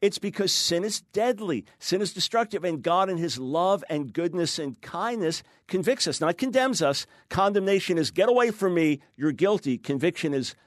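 A man's voice: high voice, lively intonation, no echo, studio quality. A man, a guest author, teaching with emphasis in an interview and acting out quoted voices. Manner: emphatic, fast explaining, acts out quoted voices.

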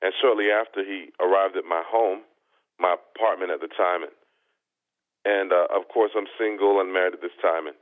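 A man's voice: low voice, steady tone, moderate pace. A man, a guest minister on a Christian talk show, telling a testimony in an earnest preaching manner. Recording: phone-like narrow band.

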